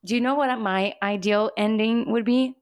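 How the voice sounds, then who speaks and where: Excitable woman gushing about a TV show. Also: fairly high pitch, normal speed, smooth, no room sound, studio quality. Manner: excitable and emphatic, repeats herself, laughs. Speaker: podcast co-host. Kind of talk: casual TV recap chat.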